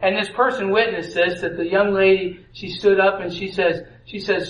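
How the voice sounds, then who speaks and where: High-voiced man preaching in an echoey room. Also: flat delivery, moderate pace, few pauses, fairly bright tone, highs cut off, a little hiss or hum. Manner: conversational, asks the audience questions; acts out story voices. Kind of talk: sermon on marriage.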